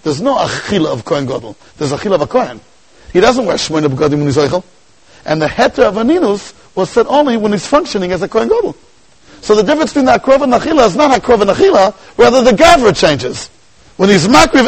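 A man gives a Talmudic lecture in a high, animated voice that swoops up and down. His tone has a husky, slightly breathy grain. He drops Yiddish and Hebrew terms into his English with a chanting study cadence. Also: fast, rough recording. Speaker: Torah teacher.

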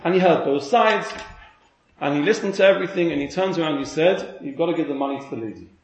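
A man, a rabbi telling a story in an animated way and acting out each character's lines. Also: a little high, fast, lo-fi sound. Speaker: rabbi giving a talk. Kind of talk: storytelling talk. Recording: roomy hall with faint noise.

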